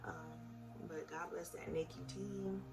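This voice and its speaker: A woman's voice: fairly low pitch, steady tone, measured pace, vocal fry. A young woman telling her own story in a casual, emotional way, speaking straight to her viewers. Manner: chatty, emotional, addresses viewers directly. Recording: voice a bit far from the mic with music behind. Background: background music.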